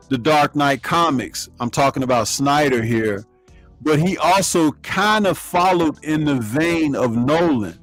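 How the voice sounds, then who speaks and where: Male co-host, high voice, slow delivery, animated scene retellings, light music bed. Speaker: podcast co-host. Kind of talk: casual film chat.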